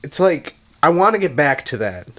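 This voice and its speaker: A man's voice: fairly high pitch, very animated, normal speed, fairly bright tone. A man co-hosting a casual podcast, talking reflectively and hesitantly with many restarts. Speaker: podcast co-host. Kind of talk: casual chat.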